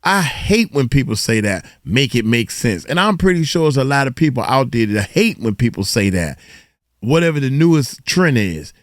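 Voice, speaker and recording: An animated man gives casual reaction commentary, his pitch swinging widely as he lectures in a loose, colloquial style. The recording is dry and close, with no room sound. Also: moderate pace, dry recording. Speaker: host reacting to a video.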